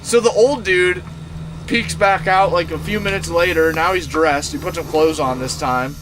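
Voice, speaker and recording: A man tells a rambling, profane story to his stream chat from inside his camper van. His voice sits a little high for a man. A faint hiss of noise runs under it. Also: moderate pace. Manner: profane, animated, rambling with many fillers. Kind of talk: casual storytelling to a live chat.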